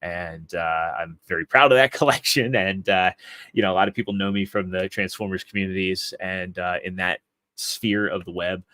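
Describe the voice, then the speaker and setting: A man's voice: sits low, fairly even intonation, moderate pace, bright, forceful tone, dry recording. A man in his thirties, a podcast guest, telling long rambling stories with frequent restarts. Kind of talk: casual interview chat.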